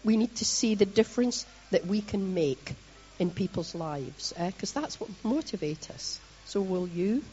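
A middle-aged Scottish woman from Scotland giving a lively, chatty sermon to her congregation, with self-mocking asides. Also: medium pitch, unhurried, highs cut off. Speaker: church leader preaching.

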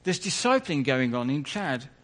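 A man's voice: medium pitch, sing-song, normal speed, a bit bright. A man preaching a conversational sermon in church, full of asides and self-corrections.

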